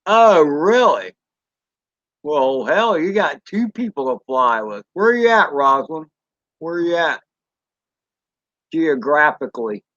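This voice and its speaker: A man with a Southern US accent talks with his live-stream viewers, slow and unhurried, rambling in a folksy way. His voice is dry and close, with a slightly dull, lo-fi sound. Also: fairly high pitch, very animated, a bit bright, dry recording. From Southern United States. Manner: rambling, folksy, drawn-out fillers, mild swearing. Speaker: drone channel host reading live chat. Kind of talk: casual live-stream chat.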